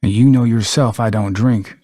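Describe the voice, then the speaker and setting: A man's voice: fairly low pitch, fairly even intonation, normal speed, warm tone, no echo, clean studio sound, close to an everyday voice. A man voicing a terrified young male fisherman with a put-on Southern US accent, blunt and coarse, in a podcast reenactment. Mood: stunned.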